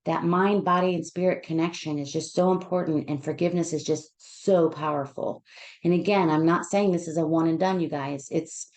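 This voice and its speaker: Near tears, a counselor opens up to her audience about her own life, her speech heartfelt but halting and full of restarts. She has a deep female voice that's a little mellow.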